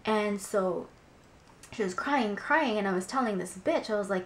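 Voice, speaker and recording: A woman's voice: mid-range voice, moderate pace, slight background noise. A young woman vlogging, agitated and swearing as she tells a story, with lots of "like" fillers. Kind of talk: casual vlog storytelling.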